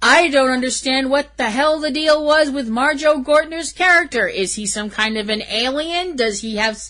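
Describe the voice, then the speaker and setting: A woman with a fairly high voice co-hosts a casual movie review chat. She rants with emphatic exasperation. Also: normal speed, pushed and bright. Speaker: podcast co-host.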